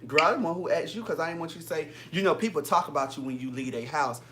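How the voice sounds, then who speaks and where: A man's voice: on the high side, fast, background noise. A man in a casual live chat, joking around with playful, camp banter.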